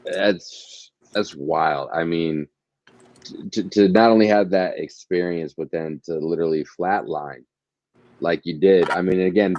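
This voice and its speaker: A man hosting an interview, speaking in a measured, reflective way and affirming his guest. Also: sits low, a little mellow. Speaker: host. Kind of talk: interview conversation. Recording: dull lo-fi sound with faint noise.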